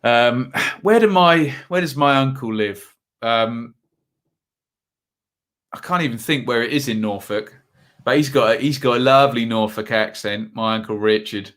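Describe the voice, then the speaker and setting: A man's voice: medium pitch, measured pace, fairly bright tone. A man hosting a live football watchalong stream, chatting casually and reading out viewer comments between match updates.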